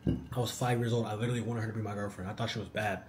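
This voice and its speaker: Animated young man saying "bro" a lot. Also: on the low side, racing, a little hiss or hum. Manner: animated, slangy, says "bro" often. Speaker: YouTuber answering viewer questions. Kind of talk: casual Q&A vlog.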